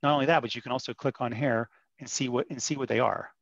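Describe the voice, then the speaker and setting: A man's voice: medium pitch, fairly even intonation, quick pace, gravelly, dry recording. A man presenting as a vendor in a webinar, upbeat and persuasive with frequent restarts. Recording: dull muffled dry audio.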